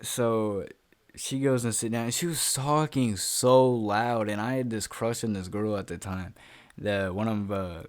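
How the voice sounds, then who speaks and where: A young man with a slightly low voice tells a personal story for his vlog. He rambles and leans on fillers like "uh" and "like." He swears casually and laughs at himself as he goes, talking from home. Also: measured pace, no room sound. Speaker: YouTuber telling a personal story.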